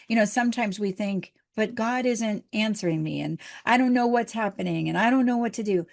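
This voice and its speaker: A middle-aged woman minister giving a gentle, encouraging, conversational sermon. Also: medium pitch, a little fast, vocal fry, few pauses.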